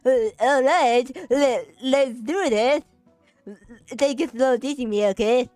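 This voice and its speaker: A woman's voice: sits high, slow, a little mellow, no room sound, faint music behind. A woman voicing a stammering, nerdy young classmate in a game, her speech hesitant and full of repeated words. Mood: nervous. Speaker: streamer voicing a game character.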